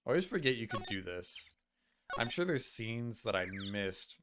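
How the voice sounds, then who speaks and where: A man's voice: medium pitch, big pitch swings, moderate pace, noisy background. Casual man streaming a game. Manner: casual, self-deprecating asides. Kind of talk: live game playthrough commentary. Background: game music.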